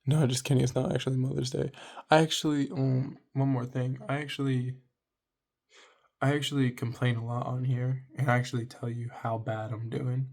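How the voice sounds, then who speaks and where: A man talking straight to the camera in a loose, rambling monologue of dating advice. His voice sits at an ordinary middle pitch, and he is blunt and profane. He keeps punctuating his points with "right?". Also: level tone, normal speed, gravelly, darkish tone. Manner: swears casually. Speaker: vlogger.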